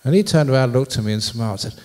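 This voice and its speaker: A man's voice: mid-range voice, lively intonation, racing, a little mellow. A man, a Buddhist monk, giving a public dharma talk in a university hall, a playful storyteller who jokes with his audience.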